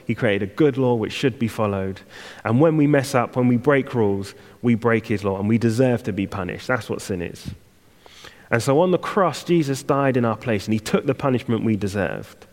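A man's voice: mid-range voice, darkish tone. A man giving a guest sermon in a church, in a conversational way with light asides to the congregation. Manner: conversational, self-deprecating asides. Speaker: guest preacher. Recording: long reverb of a church hall.

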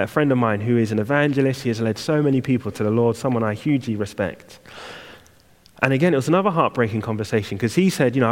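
Man preaching in a reverberant church. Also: mid-range voice. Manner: conversational, self-deprecating asides. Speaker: guest preacher. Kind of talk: sermon. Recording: long reverb of a church hall.

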